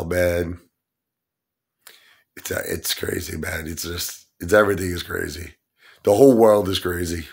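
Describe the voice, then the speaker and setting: A man's voice: low-pitched, moderate pace. A middle-aged man, ranting in an exasperated vlog monologue full of rhetorical questions. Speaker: online stock vlogger.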